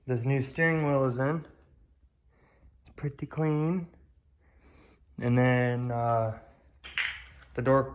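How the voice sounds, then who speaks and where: A man's voice: mid-range voice, darkish tone. A young man vlogging about fixing up his car, talking casually and bluntly, with some swearing and self-deprecating jokes. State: out of breath. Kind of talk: casual vlog. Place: home garage.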